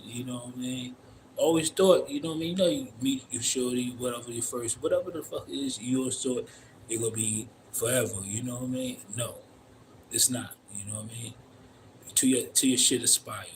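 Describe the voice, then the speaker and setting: Against a noisy background, a medium-pitched male livestreamer delivers a casual monologue outdoors in the cold. His long story rambles loosely, full of blunt, profane street talk and an endless stream of "you know what I mean."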